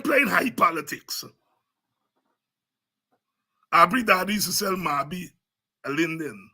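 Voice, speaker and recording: A man's voice: high-pitched, expressive, normal speed, bright, forceful tone, slightly rough. A man with a Guyanese Creole accent giving fiery, preaching political commentary as a show host, repeating himself and sliding into Creole.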